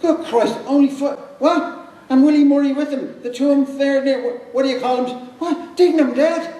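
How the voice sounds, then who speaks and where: A man reading aloud and voicing a small, excitable Dublin drinker with a Dublin accent, shrill and breathless. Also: moderate pace, close to an everyday voice. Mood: excited. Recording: echoey hall, mic from far off.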